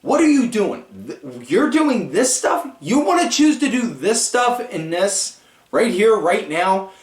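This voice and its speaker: A man's voice: high voice, sing-song, unhurried, echoey room, distant mic, pitched above the performer's own voice. A man voicing an angry female wrestler who scolds like an angry mom. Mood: scolding.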